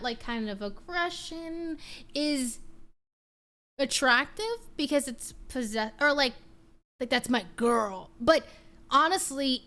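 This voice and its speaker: Young female streamer, high bright voice, chatty and animated, casual late-night chat. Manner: chatty, animated, talks to her pet and chat.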